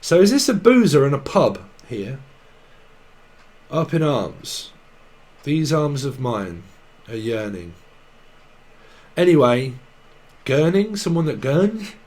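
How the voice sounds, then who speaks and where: A man's voice: medium pitch, big pitch swings, slow pace, pauses often, a little mellow. Rambling man reading tarot. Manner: free-associating wordplay, giggly asides. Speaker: tarot reader. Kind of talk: rambling tarot channelling monologue.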